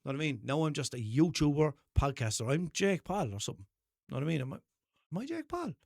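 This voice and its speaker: Young Limerick man, high-pitched, dry close sound, rambling sweary podcast host. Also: big pitch swings, fast, creaky, darkish tone, no echo. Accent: Limerick Irish. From Ireland. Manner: rambling, sweary, self-mocking storytelling with put-on voices. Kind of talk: casual solo podcast monologue.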